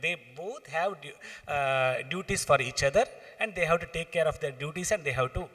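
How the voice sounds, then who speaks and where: Man, Tamil accent, panel Q and A, halting with fillers, slightly high voice, long hall reverb. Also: a bit bright. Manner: halting, many fillers and restarts, mixes in Sanskrit chant. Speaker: panelist answering questions. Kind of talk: explanatory Q and A talk.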